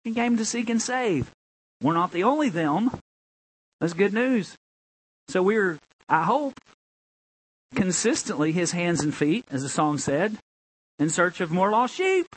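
High-voiced man preaching with emphatic swings. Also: lively intonation, slightly rough, low-quality recording. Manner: emphatic preaching with sudden high, drawn-out lines; drops to a low, conversational tone for asides. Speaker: pastor. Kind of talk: sermon.

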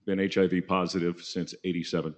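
A man's voice: sits low, fast. A man preaching through a personal story in a casual, joking way, slipping into voices. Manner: casual, jokey, animated, does voices. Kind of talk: sermon storytelling.

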